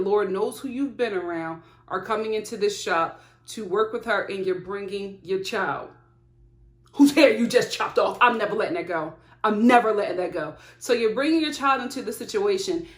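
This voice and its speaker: A woman with a medium-pitched voice gives casual, on-camera commentary reviewing a reality TV show, animated and often exclaiming in disbelief. She records in a room at home that adds a roomy echo.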